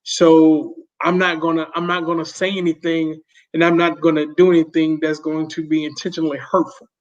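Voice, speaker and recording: Male podcast guest, reflective and halting, slightly high voice, dull lo-fi audio. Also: level tone. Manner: reflective, halting, repeats his words. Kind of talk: casual conversation. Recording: dull lo-fi sound.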